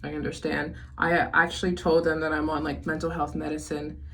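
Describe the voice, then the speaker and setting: A woman's voice: low-pitched, flat delivery, a little fast, a little hiss or hum. A young adult woman talking to camera in a casual confessional vlog, rambling with lots of fillers and restarts.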